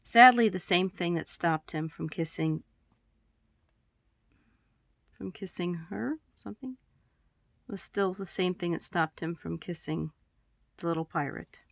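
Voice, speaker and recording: A woman chatting and then casually reading her own story aloud to a phone in a room at home, with giggles and throat-clearing asides. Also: fairly low pitch, unhurried, long pauses, no echo. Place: room at home with poster backdrop.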